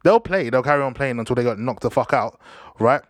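A man's voice: medium pitch, brisk, dry recording. A young man with a London accent who talks casually in heavy slang, repeating himself and handing out advice as he chats about the news and football. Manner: slangy, repetitive, preachy. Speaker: podcast host.

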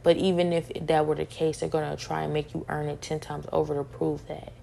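A young woman with a low, gravelly voice speaks in a flat, steady tone. She vents her frustrations in a personal monologue, circling back and repeating each point over and over. Her tone is dark and mellow. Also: a little fast, a little hiss or hum. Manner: repetitive, frustrated, restating each point several times. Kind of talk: venting monologue.

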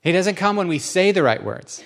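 A man's voice: sits high, expressive, normal speed, vocal fry, fairly bright tone. A man preaching a sermon in a church, speaking conversationally and acting out quotes with rising emphasis.

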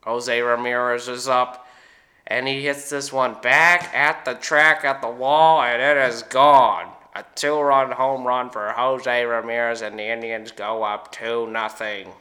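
A man's voice: medium pitch, little pitch movement. A man doing an impression of a baseball announcer calling a home run. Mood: excited. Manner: slow, rising, louder home-run call.

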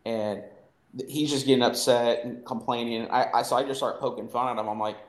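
Male podcast co-host, relaxed rambling anecdote teller, mid pitch, roomy echo. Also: a little fast. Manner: rambling, filler-heavy, laughing storyteller. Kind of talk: casual storytelling chat.

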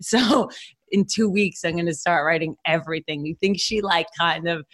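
Loud young Brooklyn woman comic. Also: lowish voice. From New York. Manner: loud, quick-witted, self-mocking. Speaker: stand-up comedian guest. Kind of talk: casual comedic chat.

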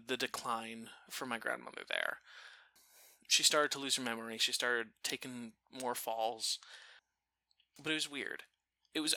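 A man telling a family story in a casual chat, animated and often breaking off to restart his sentences. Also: medium pitch, no room sound. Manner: animated, self-interrupting.

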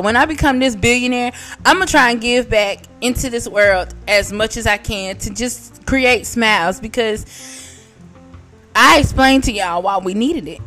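A woman hosting her own podcast in a rambling, profane monologue, laughing at her own jokes and jumping between loud bursts and quiet asides. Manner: big swings in loudness and pitch, bursts of shouting. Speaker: podcast host. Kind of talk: casual solo podcast monologue.

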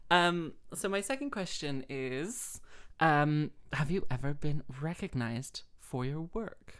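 A woman's voice: deep voice, animated, a bit bright, clear, resonant tone. A woman in her thirties hosting a podcast, joking and teasing her guest, with an English accent that some hear as American. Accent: American-sounding English. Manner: teasing, joking, quick asides. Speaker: podcast host. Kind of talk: casual chat.

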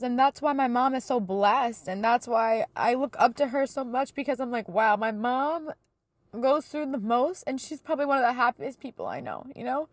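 A woman's voice: fairly high pitch, expressive, moderate pace, no room sound, studio quality. A woman in her thirties hosting a casual faith talk, telling stories in an earnest, chatty way with plenty of fillers. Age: 30s. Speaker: podcast host.

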